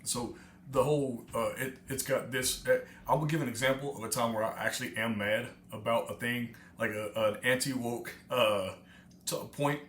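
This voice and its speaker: Rambling reaction streamer, echoey room. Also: male voice, medium pitch, steady tone, moderate pace, a bit bright. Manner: rambling, many fillers and restarts. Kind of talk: casual rambling commentary. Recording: echoey room with faint noise.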